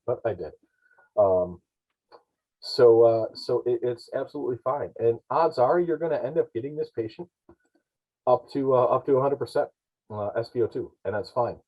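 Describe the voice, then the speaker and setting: A man talks through emergency care on a podcast, rambling and often correcting himself mid-sentence. His voice sits low and has a husky edge. The audio is dull and lo-fi. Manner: rambling, explanatory, self-correcting. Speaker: paramedic guest. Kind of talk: podcast discussion.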